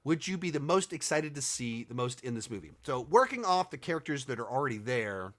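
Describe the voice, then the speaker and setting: A man's voice: mid-range voice, very animated, brisk, fairly bright tone. A man hosting a casual commentary video, answering viewer questions, rambling and thinking aloud with many restarts and sarcastic stretches.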